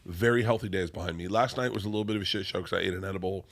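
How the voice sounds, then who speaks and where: A comedian guest on a podcast, telling rambling, excitable stories in casual chat. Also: male voice, low voice, rapid-fire.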